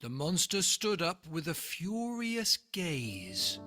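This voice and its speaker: A reader telling a rhyming children's picture book in an expressive, rhythmic read-aloud. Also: mid-range voice, takes it slowly, few pauses, faint music behind.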